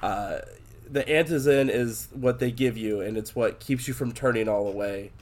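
Guy rambling about a game, swears a lot, mid pitch, lots of ums and restarts. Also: moderate pace, a little mellow. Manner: rambling, swears freely, many fillers and restarts. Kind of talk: casual chat about a video game.

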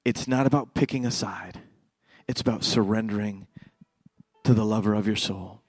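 A middle-aged man preaching a sermon as a pastor, swinging between loud fervent passages and quiet hushed ones. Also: lowish voice, moderate pace, no room sound, soft background music.

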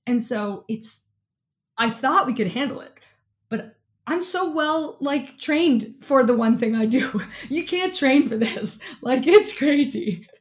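A woman guest in an interview, telling a lively story in a casual way, with lots of "like" and frequent laughter. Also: high-pitched, slow. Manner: animated, fills speech with "like", laughs often. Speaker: interview guest, athlete and keynote speaker.

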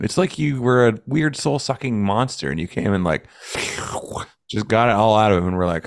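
A man's voice: on the low side, a little fast, dry recording, clean studio sound. A man in casual podcast chat, blunt and profane, often acting out mocking quotes.

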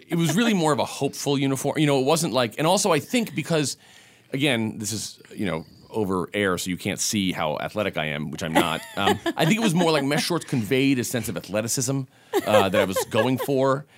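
A man with an ordinary mid-pitched voice chats casually and mocks himself as he answers questions. He laughs easily and keeps it loose and unhurried. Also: big pitch swings. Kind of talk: casual chat.

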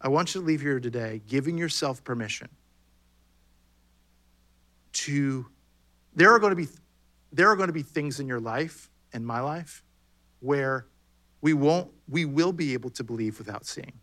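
A man's voice: medium pitch, lively intonation, moderate pace, pauses often, bright, forceful tone. A man preaching a sermon in a conversational way, acting out bits of dialogue as he goes. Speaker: pastor.

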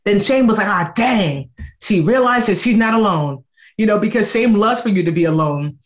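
Animated woman telling her story. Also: mid-range voice, a little fast. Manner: animated, acts out quoted voices. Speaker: guest. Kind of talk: conversational interview storytelling.

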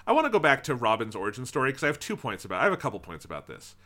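A man co-hosting a podcast, chatting casually about a movie, animated, swearing freely and acting out lines from the film. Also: medium pitch, racing. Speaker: podcast co-host. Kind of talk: casual film review chat.

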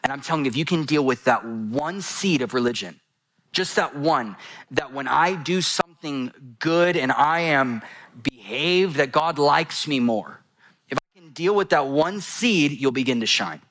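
A man's voice: mid-range voice, a little slow. A man preaching a sermon to a congregation, telling stories with jokes and asides. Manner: animated storytelling, addresses congregation, jokes.

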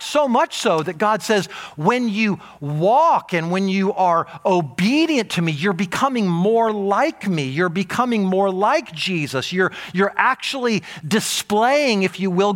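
A man preaching a sermon, emphatic and animated, with frequent repetition. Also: high-pitched, unhurried, few pauses. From United States. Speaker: pastor.

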